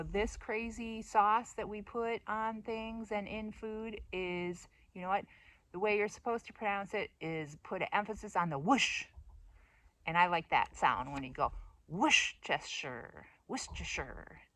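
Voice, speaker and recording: A woman's voice: lowish voice, a bit bright. A middle-aged American woman talking in a casual monologue, playful and self-mocking, rambling with fillers. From United States. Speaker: vlogger.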